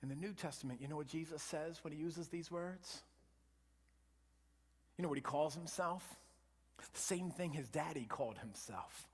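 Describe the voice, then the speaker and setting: A man delivering a sermon in a church sanctuary, his voice a little high for a man. He moves from forceful emphasis to soft, hushed whispers. A long hall reverb trails after his words. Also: normal speed, long pauses, slightly rough. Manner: dynamic preaching, swinging from loud emphasis to hushed whispers. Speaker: pastor.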